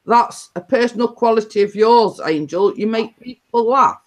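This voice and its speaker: A woman's voice: fairly high pitch, normal speed. A woman hosting a casual live stream, talking in a rambling, chatty way with many fillers and restarts. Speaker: livestream host.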